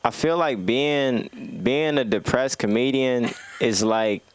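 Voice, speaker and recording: A man's voice: medium pitch, slow, clear, resonant tone. A man doing a stand-up set at an open mic. He talks in a laid-back, slangy way and stacks up repeated lines to build a joke. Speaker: stand-up comedian. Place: comedy club stage.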